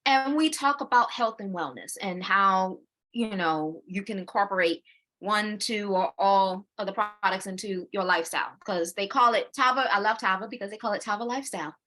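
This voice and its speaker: A bright, lively woman in her forties co-hosts a casual chat at normal speed, her mid-range voice crisp and forward. She repeats words while gathering her thoughts, laughs often, and acts out her own inner voice mid-sentence.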